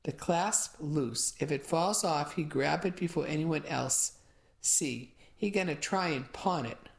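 A woman's voice: sits low, unhurried, gravelly. A woman voicing a cranky old woman in broken English. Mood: accusing. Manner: accusing, harsh, broken grammar. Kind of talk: audiobook character voice.

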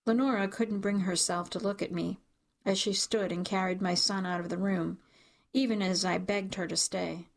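A woman reading an audiobook in the first person, measured and emotional in her storytelling. Her voice has a gravelly edge at a middling pitch. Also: fairly even intonation. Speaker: audiobook narrator.

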